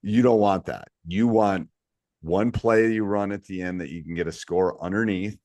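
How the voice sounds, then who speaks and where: A man with a very low voice talks through youth basketball coaching as a podcast co-host. His delivery is relaxed and story-driven, often dropping quieter for asides. The recording is dry and close. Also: moderate pace, no room sound. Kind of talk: casual podcast chat.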